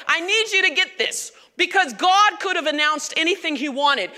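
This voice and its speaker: Woman preaching at church, high bright voice, chatty and emphatic, big echoey hall. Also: normal speed, hardly any pauses. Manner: animated, emphatic, conversational. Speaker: pastor. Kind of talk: sermon. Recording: long reverb of a large hall.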